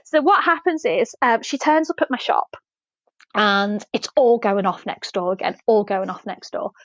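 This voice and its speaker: A woman's voice: medium pitch, normal speed, fairly bright tone, no echo. A woman, a podcast guest telling a story casually, swearing freely and laughing as she goes. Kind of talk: casual anecdote in an interview. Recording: slightly dull, dry podcast audio.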